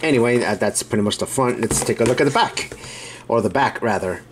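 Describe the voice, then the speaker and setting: A man's voice: medium pitch, brisk, slight background noise. Rambling, chuckling man unboxing a kit. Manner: rambling, self-correcting, chuckles often. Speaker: channel host reviewing a build kit. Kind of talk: casual unboxing commentary.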